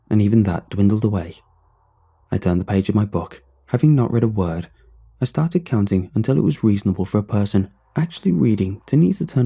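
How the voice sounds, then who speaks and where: Dark husky-voiced horror narrator, man. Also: lowish voice.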